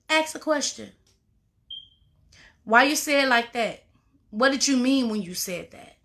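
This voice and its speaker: A woman's voice: sits high, sharp tone. A woman life coach giving a motivational talk to viewers, emphatic and informal, repeating her phrases and calling listeners y'all and baby.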